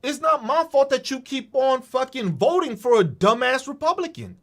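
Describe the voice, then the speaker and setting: A man rants on his podcast with a high, lively voice that leaps all over its range. He talks in a heated, profane, mocking way. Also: normal speed. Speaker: podcast host. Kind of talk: ranting political monologue.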